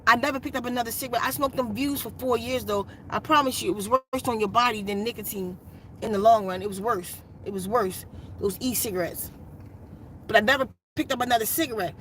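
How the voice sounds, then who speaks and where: A woman's voice: fairly high pitch, a bit bright, a little hiss or hum. A woman hosting a meditation channel, telling a personal story in a casual, earnest and repetitive way from inside her RV. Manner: earnest, repetitive, emphatic retelling.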